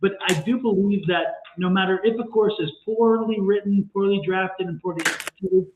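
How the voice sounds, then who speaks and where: A man's voice: sits high, steady tone, normal speed, a little hiss or hum. A man co-hosting a tarot livestream, giving a reading in a chatty, repetitive way and laughing easily. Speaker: tarot reader and co-host. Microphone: livestream call audio. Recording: echoey, tinny phone-like stream audio.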